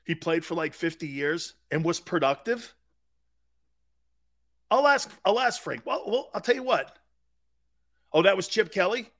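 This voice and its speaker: A man hosting a sports talk radio show, telling stories with emphatic repetition and growing excitement. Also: high-pitched, measured pace, long pauses, no echo, clean studio sound.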